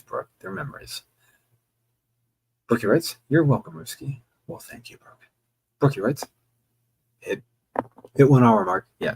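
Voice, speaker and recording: A man's voice: medium pitch, creaky, husky, rough recording. A man streaming live, reading viewer chat messages aloud and answering them in a casual, joking way with the odd swear word. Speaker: livestreamer.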